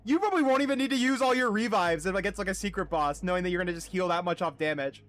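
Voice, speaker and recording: Chatty high-voiced male streamer. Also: faint music behind. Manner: chatty, laughs often, reads dialogue aloud fast and loud. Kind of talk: casual game-stream chat.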